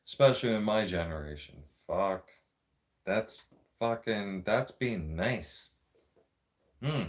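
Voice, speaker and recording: A man's voice: fairly low pitch, animated, takes it slowly. A man with a Toronto Canadian accent, ranting to camera in a blunt, profane and sarcastic vlog monologue. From Greater Toronto Area, Canada. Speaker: vlogger.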